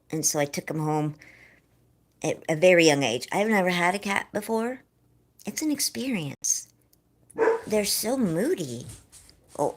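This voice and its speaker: An American woman from California hosting a casual live-stream chat from home, talking straight to her viewers in a chatty, effusive way. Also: lowish voice. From California, USA. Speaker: livestream host.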